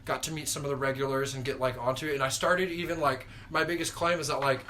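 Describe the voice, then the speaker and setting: A man's voice: mid-range voice, steady tone, fast talker, bright, forceful tone, a little hiss or hum. A man chatting casually on a podcast in a laid-back way, with many fillers.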